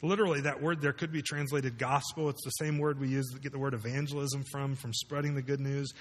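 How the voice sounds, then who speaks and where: A man's voice: mid-range voice, flat delivery, fast, long reverb tail. A man preaching a sermon to a room of listeners, conversational and full of rhetorical questions. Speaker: pastor. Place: large room with congregation.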